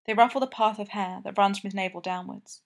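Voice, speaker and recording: A woman narrating a romance novel as an audiobook, in steady, intimate storytelling. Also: mid-range voice, fast talker, creaky.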